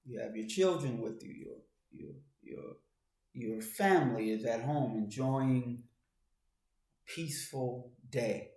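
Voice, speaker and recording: A man speaks in a mid-range voice at a slow pace, and the sound is roomy. He delivers a monologue commentary straight to the listener, addressing them as "you" and often restarting his phrases. As he goes on, he grows louder and more urgent.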